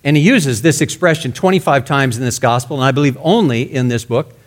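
A male pastor preaching a sermon emphatically, his voice rising loud and dropping to a hush. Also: mid-range voice, brisk. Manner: emphatic, swinging between loud and hushed.

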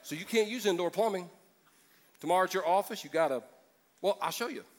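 A man's voice: high-pitched, brisk. A man preaching a sermon as pastor, joking and acting out voices from the congregation.

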